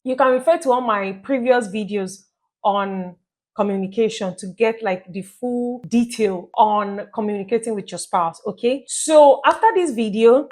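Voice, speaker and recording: A woman giving relationship tips in a casual vlog, chatty and lively, often checking in with the listener. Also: a little high. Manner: chatty, asks listeners "you get my point?"; acts out little scenes with playful quoted voices. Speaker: relationship advice vlogger.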